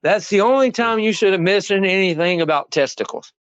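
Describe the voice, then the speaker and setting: A man, co-hosting a casual sports podcast, telling animated, profane stories and quoting himself. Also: high-pitched, brisk, smooth, no echo. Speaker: podcast co-host. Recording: dull, dry lo-fi sound.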